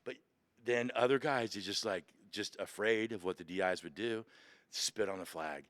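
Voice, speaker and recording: A man recounting his Marine boot camp experience as a podcast guest, animated and emotional, acting out shouted orders. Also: on the low side, moderate pace, dry recording. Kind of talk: emotional storytelling. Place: museum.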